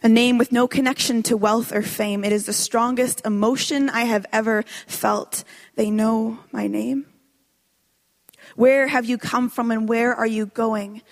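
A woman performing a spoken word poem with a slow, dramatic and intense delivery. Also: on the high side, steady tone. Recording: long hall reverb.

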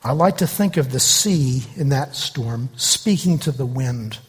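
A man preaching a sermon as pastor, telling stories with lively acted-out voices. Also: mid-range voice, a little slow, slightly rough, long reverb tail. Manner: animated storytelling, acting out quoted voices.

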